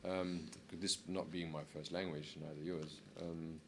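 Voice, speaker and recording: A middle-aged man chats loosely in English, his voice sitting very low. He wanders through his points with fillers and restarts. There is a faint hum of room noise behind him. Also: little pitch movement, measured pace. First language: German. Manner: rambling, many fillers and restarts. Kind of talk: casual chat.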